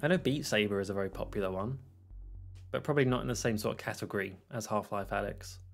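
A man's voice: fairly low pitch, quick pace, creaky, soft background music. A man chatting casually on a live game stream, rambling through viewer questions with easy laughter. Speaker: gaming streamer. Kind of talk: casual live-stream chat while playing.

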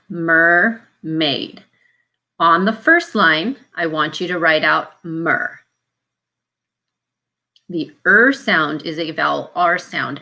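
A woman teacher walks young students through a spelling lesson, sounding out every syllable and letter with slow patience. Her voice sits a little low, yet its tone is bright and clear.

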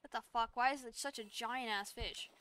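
A young woman streaming a game, reacting out loud with casual swearing and bursts of dramatic pleading. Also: a little high, fairly even intonation, normal speed. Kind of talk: casual live game commentary. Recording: faint game music behind.

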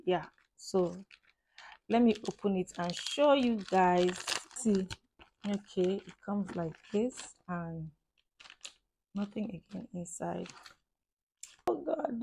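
With a Nigerian accent and a slightly mellow mid-range voice, this woman in her thirties gushes casually to her vlog audience, peppering her talk with "guys" and "like." There's slight background noise.

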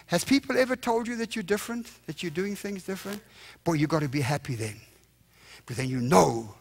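A young man preaching a revival sermon in a church, telling a story and acting out the voices in it. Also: a little high. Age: young adult. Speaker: evangelist. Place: church sanctuary.

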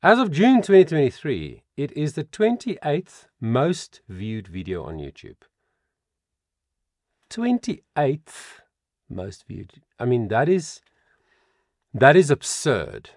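Man with a lively, up-and-down voice. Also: fairly low pitch, no echo, studio quality. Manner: reads song facts aloud with animated asides. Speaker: vocal coach reacting to a song. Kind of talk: reaction video commentary.

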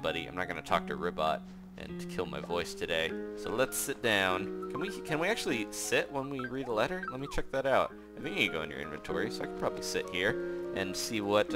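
A man giving casual, chatty gameplay commentary as a let's play host, reacting quickly and animatedly. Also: sits low. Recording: game music underneath. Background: game background music.

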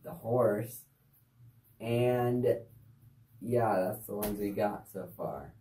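Very low-voiced woman teaching hand signs. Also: very slow, warm tone. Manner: easygoing, chatty, with offhand asides. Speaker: sign language teacher. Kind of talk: casual how-to demonstration. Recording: echoey room, distant mic.

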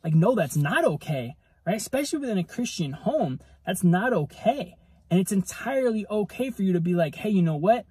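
High-voiced husky man preaching casually. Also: big pitch swings, brisk, dark tone, no echo. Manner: conversational, tags almost every point with "right?". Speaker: ministry preacher. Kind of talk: casual devotional teaching.

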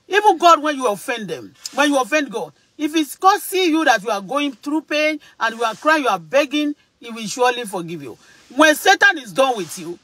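A man's voice: very high voice, pushed and bright, slightly rough, low-quality recording. A man with a Nigerian Yoruba accent, giving an emphatic, repetitive vlog monologue that mixes English and Yoruba. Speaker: vlogger. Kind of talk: preachy casual monologue.

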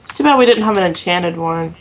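A woman with an Oklahoman accent, chatting in a relaxed, dry way while gaming with a friend. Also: lowish voice, brisk, low-quality recording. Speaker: gamer. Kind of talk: casual let's-play chat.

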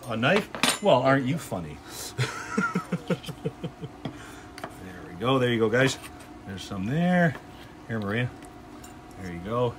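Hosting a casual livestream from his outdoor backyard grill, a man cooks and chats with viewers in an upbeat, joking way. His mid-range voice is very animated, yet he speaks slowly with long pauses, and there's background noise.

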